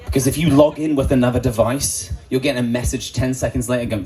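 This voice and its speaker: A man's voice: medium pitch, fairly even intonation, quick pace, hardly any pauses, mellow, rough recording. A man doing a stand-up comedy set, joking crudely and acting out quoted voices. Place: comedy club stage before an audience.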